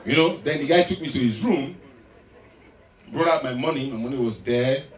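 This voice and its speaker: A man with a Nigerian accent telling a stand-up story, animated and getting loud on the punchlines. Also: medium pitch, normal speed. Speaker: stand-up comedian. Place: large live venue stage. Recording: echoey hall, distant mic, loud crowd.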